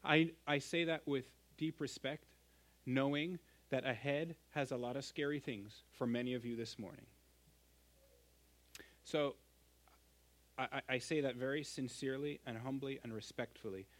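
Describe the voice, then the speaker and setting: A middle-aged man pastor preaching a sermon, earnest and emphatic, swinging from loud stresses to hushed endings. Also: mid-range voice, fairly even intonation, normal speed.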